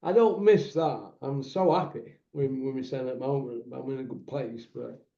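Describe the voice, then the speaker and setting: A man's voice: medium pitch, moderate pace, gravelly, dark tone. A man, hosting a casual chat and telling candid, rambling stories with banter. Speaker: podcast host. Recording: echoey room, dull lo-fi sound.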